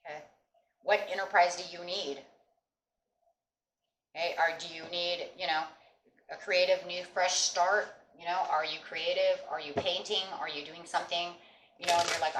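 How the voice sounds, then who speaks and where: A woman's voice: on the low side, fairly even intonation, normal speed. A woman giving a casual, reassuring tarot reading to viewers, often checking in with "okay?" and "you know.". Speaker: tarot reader. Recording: echoey room with faint background noise.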